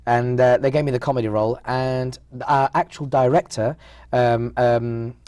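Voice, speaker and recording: A man with an English accent telling stories from his stage career in a relaxed, self-mocking way. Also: mid-range voice, moderate pace, smooth, no room sound, clean studio sound. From United Kingdom. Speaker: stage performer and guest. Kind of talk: casual interview chat.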